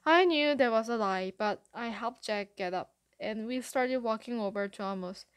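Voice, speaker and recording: Lady reading a kids' novel aloud, kinda high voice, lively and breathless when the action picks up. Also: moderate pace, clear, resonant tone, dry recording. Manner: lively, breathless retelling of a chase. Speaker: audiobook narrator. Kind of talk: first-person storybook narration.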